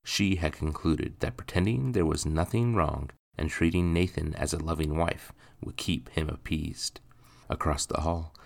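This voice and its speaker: A man narrating a dark period story for a podcast in a measured, even reading voice. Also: a bass voice, vocal fry, background noise.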